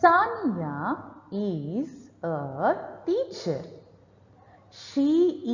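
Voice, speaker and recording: Woman teacher, reading lesson, slow, very lively pitch, echoey lo-fi room. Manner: deliberate, expressive demonstration reading. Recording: echoey, reverberant, lo-fi room recording.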